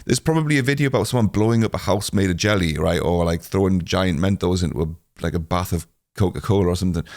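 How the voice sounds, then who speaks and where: A man's voice: low-pitched, no room sound, clean studio sound. A man hosting a solo podcast, chatting casually in a rambling, self-deprecating way with lots of filler sounds. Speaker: podcast host.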